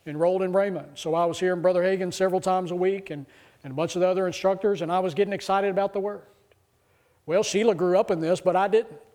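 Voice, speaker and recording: A middle-aged male pastor delivers a sermon in a notably high voice. He tells stories casually, then builds into excited, emphatic preaching. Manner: conversational testimony rising to excited preaching.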